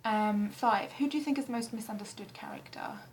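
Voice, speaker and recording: A young woman from England chatting casually to camera in her flat, rambling and self-deprecating with frequent ums and the odd swear word. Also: medium pitch, brisk, a little hiss or hum, rough recording. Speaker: vlogger answering a tag questionnaire. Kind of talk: casual chat. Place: flat, indoors.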